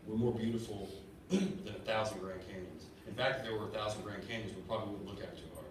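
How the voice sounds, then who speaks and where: A man's voice: fairly low pitch, fast. A man in his thirties giving a sermon as a lay preacher, earnest and conversational, often stammering and repeating words. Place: church sanctuary. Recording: echoey church room from far off, faint hiss. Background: congregation responding.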